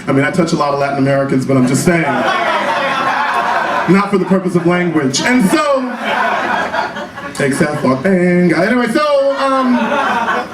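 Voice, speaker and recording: A man performing a one-man comedy show in a small club, telling stories in a sassy, profane way with quick asides. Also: high-pitched, lively intonation, a loud crowd. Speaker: stand-up comedian. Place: small cabaret club stage. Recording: roomy live club recording from a distance, audience noise. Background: audience laughter.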